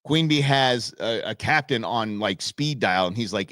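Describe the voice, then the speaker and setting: A man's voice: mid-range voice, moderate pace, hardly any pauses, dry recording, clean studio sound. A man who grew up in Southern California and Arizona, hosting a live show and telling a rambling neighborhood story full of folksy sayings. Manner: rambling, animated anecdote with folksy idioms. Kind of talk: casual storytelling on a live stream.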